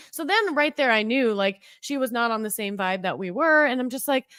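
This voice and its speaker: Chatty woman podcast host, higher voice. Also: lively intonation, brisk, hardly any pauses, fairly bright tone, clear, resonant tone, dry recording. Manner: chatty, many fillers like "like". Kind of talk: casual chat.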